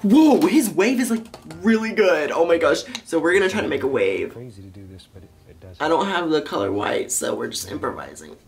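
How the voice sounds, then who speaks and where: Giggly rambling young man, lively swings. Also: on the high side, moderate pace. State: high. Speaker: YouTuber. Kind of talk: casual vlog commentary.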